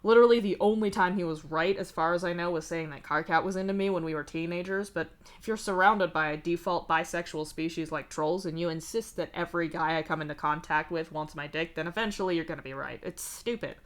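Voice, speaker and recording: A blunt, foul-mouthed young man with a weary, deadpan edge, read aloud by a woman. He talks about his troubles in a wry, lowish voice. The delivery fits a livestreamed fanfic reading. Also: quick pace, few pauses, close to an everyday voice. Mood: bitter. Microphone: streaming mic.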